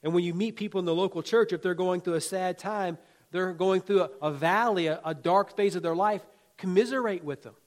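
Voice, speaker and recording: A man preaching a sermon in a folksy, conversational way, with jokes and asides along the way. His voice sits a little higher than most men's, and he drives his points home with emphatic, rhythmic repetition. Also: fairly quick. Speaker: pastor.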